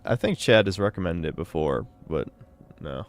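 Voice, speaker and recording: A man's voice: deep voice, animated, normal speed, no echo. A male streamer reading out donations and riffing in a sardonic, profane way during a live stream.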